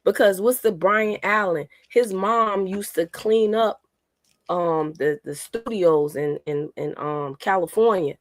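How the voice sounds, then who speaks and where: A woman's voice: medium pitch, takes it slowly. A woman talking earnestly on a podcast, rambling and restarting her sentences. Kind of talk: casual chat.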